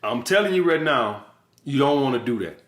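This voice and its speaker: Man, dating coach, blunt and profane, repeats his points, mid-pitched voice, roomy echo. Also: animated, normal speed. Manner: blunt, profane, emphatic repetition. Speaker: dating coach and channel host. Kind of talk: casual advice monologue. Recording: echoey room.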